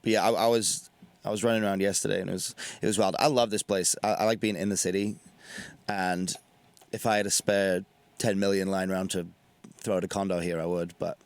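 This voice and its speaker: A man with an English accent, talking in a relaxed, blunt, dryly funny way as a guest on a studio talk show. His voice sits on the low side and sounds dry and close to the mic. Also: a little fast, clean tone, no echo. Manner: laid-back, blunt, dry humor. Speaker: guest musician. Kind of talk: casual interview chat.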